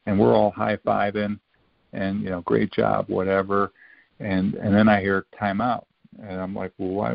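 A man in his fifties tells old stories in a loose, rambling way, doubling back and acting out quotes. His voice is low and gravelly. The recording sounds dry and a bit dull, with a lo-fi edge. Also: dry recording. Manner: rambling, full of restarts and quoted dialogue. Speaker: podcast guest, former college football player. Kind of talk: casual storytelling.

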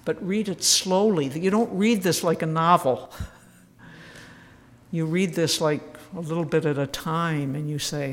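A woman speaking as a retreat leader, sharing a personal story gently and earnestly, with self-deprecating humor. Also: deep voice, unhurried. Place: church. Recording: long church reverb.

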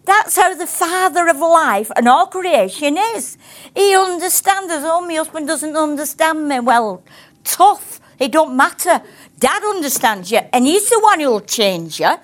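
Older woman, preacher, very animated pitch, chatty, acts out voices. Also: measured pace. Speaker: ministry teacher. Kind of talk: teaching sermon.

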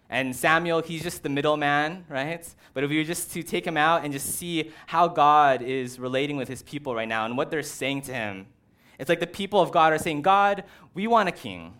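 Casual, animated male preacher. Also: a little high. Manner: casual, animated, uses "like" and "right". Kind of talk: conversational sermon.

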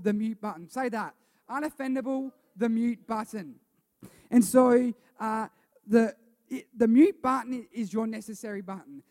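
A male pastor preaching a casual, chatty sermon, repeating himself and asking the congregation questions. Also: very high voice. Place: church hall with a congregation. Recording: long reverb of a church hall.

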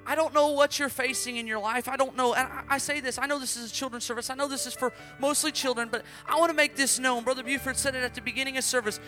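A man preaching at a children's service, telling the story dramatically and shouting out acted quotes. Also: extremely high pitch, steady tone, fast talker, few pauses, faint music behind. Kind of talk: interactive children's sermon.

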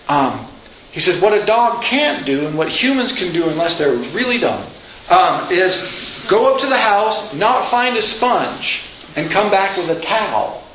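A man's voice: high voice, sing-song, measured pace, fairly bright tone. A man giving an informal lecture, chatty, often asking "right?" and acting out quotes. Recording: echoey room, slightly dull sound, faint noise.

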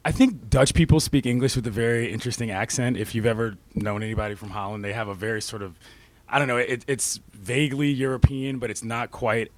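A man chatting as a guest on a live stage show, relaxed and rambling. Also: medium pitch, quick pace, dry recording. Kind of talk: casual on-stage conversation. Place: bookstore stage before an audience.

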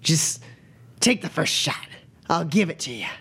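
A man's voice: a little high, expressive, a little slow, gravelly, a bit bright, breathy edge, full character voice. A man voicing a drunk, belligerent male serial killer who taunts and slurs.

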